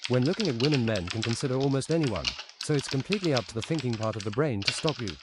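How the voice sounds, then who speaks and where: Streamer guy reading a story out deadpan, mid pitch voice, lots of clicking behind him. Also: fast, heavy background noise.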